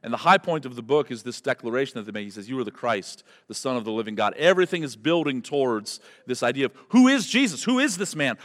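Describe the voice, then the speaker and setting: Male pastor, mid-pitched, animated sermon storyteller with a long hall echo. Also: quick pace, few pauses. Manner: animated storyteller, builds to loud emphatic peaks. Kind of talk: expository sermon.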